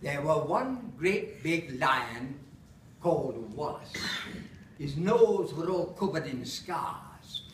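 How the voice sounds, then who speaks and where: A man with a Lancashire accent reciting a comic verse monologue in a steady rhythm. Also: fairly high pitch, takes it slowly, slight background noise. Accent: put-on Lancashire. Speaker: storyteller. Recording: roomy, mic far off, faint ambience.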